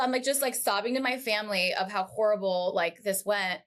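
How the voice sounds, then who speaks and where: Brief: woman guest in a casual interview, animated storyteller with lots of asides, mid pitch. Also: a little fast. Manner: animated, chatty, full of asides. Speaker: podcast guest, entrepreneur.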